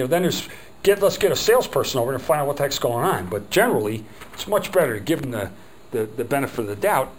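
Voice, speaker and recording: A man's voice: a little high, expressive, fast talker, slight background noise. A middle-aged man from New Jersey with a New Jersey accent gives an informal business training talk. He rambles and acts out customer exchanges. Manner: chatty, digressive, acts out quoted customers. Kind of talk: informal seminar lecture.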